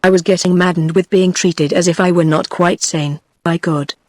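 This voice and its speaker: A woman's voice: lowish voice, steady tone, a little fast, no room sound, studio quality. A synthetic woman's voice with a British English accent reading an audiobook. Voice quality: synthetic, evenly paced machine voice. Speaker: audiobook narrator. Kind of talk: text-to-speech book reading.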